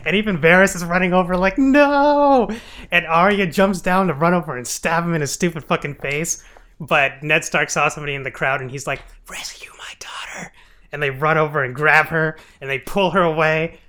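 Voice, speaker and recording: A man co-hosting a casual podcast, recapping a show with lots of laughs and quick acted-out voices for the characters. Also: on the high side. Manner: animated, laughs often, acts out characters in quick bits. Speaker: podcast co-host.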